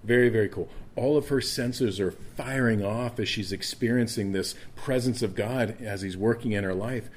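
A man's voice: on the low side, normal speed, few pauses. A man preaching a sermon, earnest and conversational, often stumbling over repeated words as he restarts a thought. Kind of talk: sermon with scripture reading.

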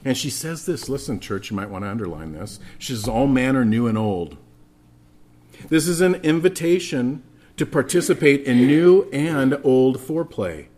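A pastor preaches to his congregation, his voice sitting at an ordinary male pitch. He tells stories with animation and keeps turning to speak straight to the people in front of him. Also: moderate pace. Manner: animated storytelling, addresses congregation directly. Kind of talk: sermon.

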